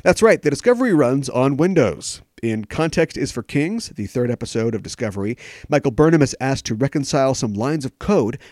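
A man hosting a comedic podcast, rattling off sarcastic jokes with a lively, bouncing pitch. His voice comes across close and dry, with no room sound at all. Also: a little fast, no room sound. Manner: sarcastic, jokey asides. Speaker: podcast host.

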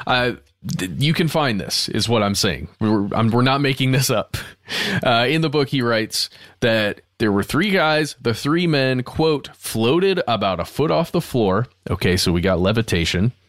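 A man's voice: mid-range voice, expressive, normal speed, fairly bright tone, dry recording, studio quality. A man co-hosting a podcast who talks casually, laughs easily, and reads quotes with expression. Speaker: podcast co-host. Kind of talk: casual conversation, reading quotes.

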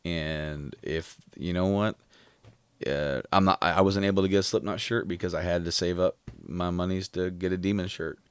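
A man's voice: sits low, steady tone, moderate pace, smooth, no room sound. A man in casual chat, recounting concert memories in a rambling way with many fillers.

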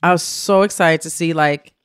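A woman co-hosting a podcast in casual chat, animated storytelling with playful slang. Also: deep voice, moderate pace, smooth, no echo, studio quality. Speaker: podcast co-host.

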